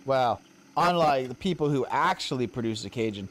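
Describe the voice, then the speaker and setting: A young man talking in a loose, rambling way with a Western American accent, the kind who drifts off topic and laughs at himself. His pitch sits in an ordinary middle range for a man. He sounds like a streamer chatting casually over his game. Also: animated, normal speed. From Colorado. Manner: rambling, chatty, self-deprecating.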